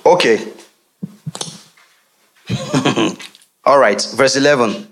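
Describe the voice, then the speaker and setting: A man's voice: mid-range voice, moderate pace, pauses often. A man preaching a sermon, quizzing his congregation for answers, with frequent laughs and chatty asides. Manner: animated call-and-response with congregation; laughs often, conversational asides.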